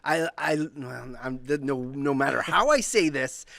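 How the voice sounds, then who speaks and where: A man's voice: medium pitch, animated, measured pace, vocal fry, sharp tone, no room sound. A man in his thirties co-hosting a podcast, chatting casually and giggling, often stumbling over his words. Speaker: podcast co-host. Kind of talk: casual chat.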